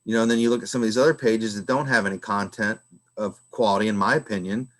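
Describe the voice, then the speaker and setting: A man's voice: fairly low pitch, fairly even intonation, fast talker, a bit bright. A man hosting a podcast, talking in a rambling, casual way full of filler phrases. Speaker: podcast host. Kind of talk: casual conversation.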